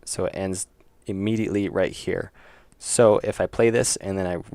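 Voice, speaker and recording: A man streaming his indie game work, chatting casually and thinking aloud, with jokes and quick self-corrections. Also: sits low, fairly even intonation, gravelly, darkish tone, clear, resonant tone, no echo. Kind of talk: casual livestream chat while working.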